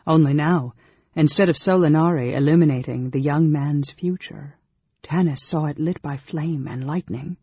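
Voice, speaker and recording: A man reading a fantasy novel aloud as audiobook narrator, in a steady, measured way. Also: a little high, breathy edge, no echo. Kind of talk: scripted narration. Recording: dull lo-fi recording.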